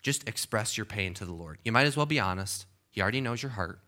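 A pastor preaches a sermon in church in a fairly low, pushed and bright voice, speaking fast with lively intonation. He's conversational and emphatic, often checking in with the congregation through frequent okays and restarts.

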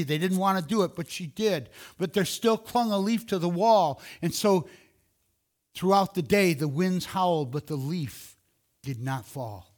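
A man's voice: a little high, measured pace. A man telling a story outdoors, loose and rambling, correcting himself as he goes. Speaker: speaker telling a closing story. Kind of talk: informal storytelling.

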